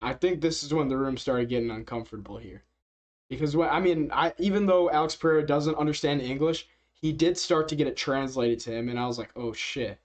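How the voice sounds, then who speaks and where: A man's voice: a little high, a little fast. A man casually commenting as a reaction video host, rambling with many fillers and frequent chuckles. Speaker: MMA reaction youtuber.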